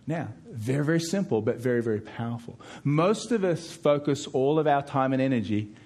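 A middle-aged man preaching a sermon as pastor, emphatic, with frequent repeated words as he pushes key points louder and higher. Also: lively intonation, brisk.

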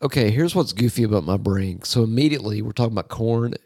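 A man talking casually and animatedly about bass players, swearing and going off on nerdy tangents, with music playing behind him. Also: fast talker, dark tone, no room sound.

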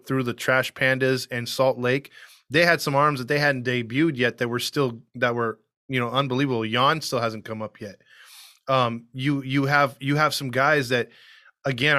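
A man's voice: medium pitch, pushed and bright, dry recording, studio quality. A man co-hosting a podcast, chatting casually and enthusiastically, rambling with frequent restarts. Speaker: podcast co-host. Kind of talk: casual sports chat.

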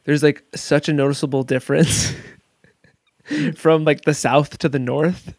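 A man's voice: a little high, fairly even intonation, a little slow, darkish tone, dry recording, clean studio sound. A man hosting a call, reacting enthusiastically, laughing often and using many fillers. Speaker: host. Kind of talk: casual conversation on a call.

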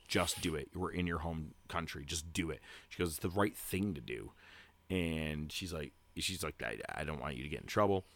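Man, very low voice, casual podcast host, rambling storyteller, dry close sound. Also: no echo. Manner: loose, rambling storytelling full of fillers; grows loud and hyped toward a segment tease. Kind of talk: casual chat.

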